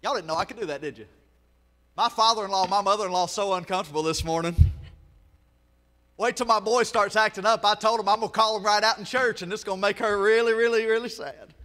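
A man with a Southern US accent preaching a sermon in a church, swelling into shouts and breaking off for joking asides to the congregation. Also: sits high, fairly even intonation, fast talker, long reverb tail. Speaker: pastor. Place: church sanctuary.

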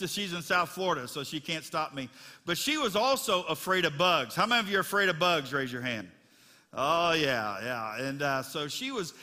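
A middle-aged pastor delivers a sermon to his congregation in an easygoing, folksy way, telling chatty stories packed with asides and fillers. His bright, forceful voice sits a touch high for a man and rings out with a long reverb through the church sanctuary.

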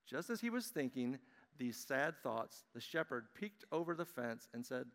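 Animated man telling children a story. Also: mid-range voice, moderate pace. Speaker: pastor giving children's message. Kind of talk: children's sermon and storybook reading. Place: church sanctuary. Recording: long church-hall reverb.

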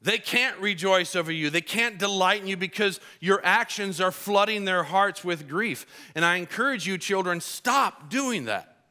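A man preaching a sermon in church with a bright, forceful voice pitched a little high. He keeps it conversational and humorous, slipping into quick acted-out quotes. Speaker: pastor.

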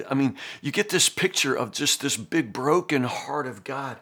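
A man's voice: mid-range voice, expressive, moderate pace, few pauses, pushed and bright, husky. A middle-aged man teaching the Bible as a pastor, earnest and full of restarts and fillers. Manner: earnest, repeats words, many fillers.

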